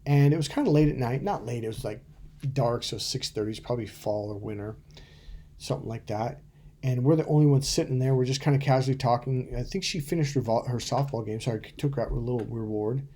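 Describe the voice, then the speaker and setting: A man's voice: medium pitch, quick pace, mellow, slight background noise. A middle-aged man, a dating coach, talking bluntly and profanely to camera, telling stories and acting out quotes. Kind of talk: casual to-camera coaching talk.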